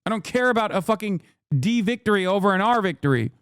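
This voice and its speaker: High-voiced man ranting heatedly, dry sound. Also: animated, fast talker, fairly bright tone, clean tone, no room sound. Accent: American. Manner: heated, profane, repetitive ranting. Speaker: political streamer. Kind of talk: ranting commentary.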